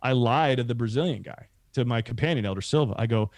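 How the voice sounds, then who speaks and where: Man, middle-aged, casual storyteller, rambling and animated, dry close sound, average pitch. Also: fast talker, few pauses, no room sound. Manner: rambling, animated, acts out quoted voices.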